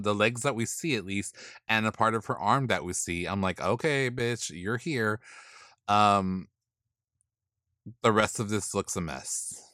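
A man giving sassy, blunt casual commentary, swearing freely and dismissing outfits with drawn-out put-downs. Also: fairly low pitch, sharp tone, no room sound, studio quality. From not from the East Coast. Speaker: commentator reviewing drag looks.

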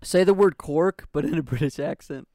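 A man's voice: on the high side, moderate pace, dark tone, no room sound, clean studio sound. A man co-hosting a podcast over an online call, telling crude jokes and laughing at his own stories. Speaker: podcast co-host. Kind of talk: casual banter among friends.

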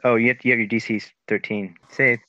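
A man's voice: mid-range voice, fairly even intonation, fairly quick, pushed and bright, no room sound, dull audio. A man playing a tabletop game, talking casually and laughing easily. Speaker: player.

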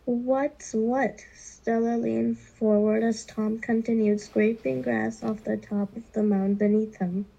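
A woman with a gravelly, husky, mellow voice reads a children's novel aloud. She takes it slowly and deliberately and stumbles now and then. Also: on the high side, level tone, poor audio. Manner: slow, deliberate reading with occasional stumbles. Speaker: reader.

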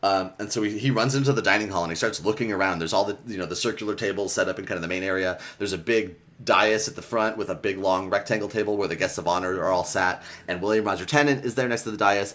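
Talking fast with hardly any pauses, a man with a lowish, slightly bright voice runs through a children's book on a podcast. It's casual, profane chat, and he stops to read excerpts out loud.

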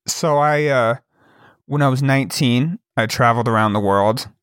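A man's voice: medium pitch, normal speed, a bit bright, clear, resonant tone, no echo, clean studio sound. A young man from Wyoming, co-hosting a podcast and telling stories in casual chat, rambling with many fillers and restarts. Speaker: podcast co-host.

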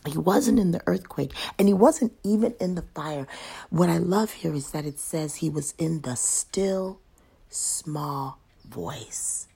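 A woman giving a Bible devotional, often dropping into a soft half-whisper and rising with emphasis on key lines. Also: lowish voice, normal speed, creaky, husky. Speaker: devotional speaker.

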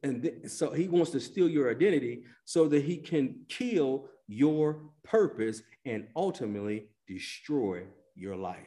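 A man's voice: mid-range voice, lively intonation, a little slow, hardly any pauses. Preaching man with swinging dynamics. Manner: dynamic preacher, swings between loud emphasis and hushed drops; acts out quoted voices in colloquial speech. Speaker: pastor. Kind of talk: sermon.

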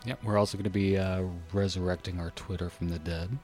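A very low-voiced man hosting a podcast, loose and joking as he trips over names. Soft music plays faintly behind him. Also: little pitch movement, fairly quick. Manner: jokey, playful, trips over tongue twisters. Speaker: podcast host. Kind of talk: casual podcast chat.

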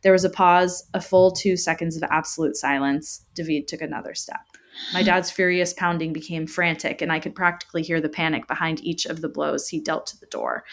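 Woman reading a tense horror story. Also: low-pitched. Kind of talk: first-person horror story narration.

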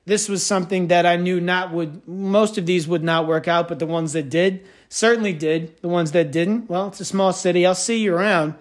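A man holds forth in a loose podcast monologue. His voice sits fairly high and swings widely as he tells stories in a wry, self-mocking way. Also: fairly even intonation, moderate pace, few pauses. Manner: rambling, wry, self-mocking storyteller with big pitch swings. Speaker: podcast host. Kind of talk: casual monologue.

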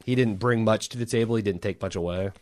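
A man's voice: fairly low pitch, quick pace, darkish tone. A man co-hosting a podcast, chatting casually and opinionated, often trailing off and restarting his sentences. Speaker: podcast co-host. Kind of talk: casual chat.

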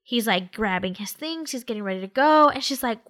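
Woman, bright, slightly high voice, casual animated storyteller full of "like"s and quoted lines. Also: moderate pace. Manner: animated retelling with quoted voices and many fillers. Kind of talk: casual chat retelling a story.

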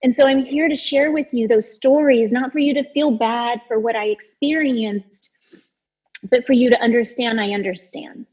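A woman's voice: fairly high pitch, normal speed, a little mellow, husky, highs cut off. A woman teacher giving an earnest motivational talk on a call, telling a personal story with many restarts.

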